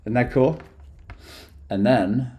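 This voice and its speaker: A man's voice: medium pitch, takes it slowly, dark tone. A man chatting casually on a live stream, hyper and rambling from topic to topic after no sleep. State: sleep-deprived.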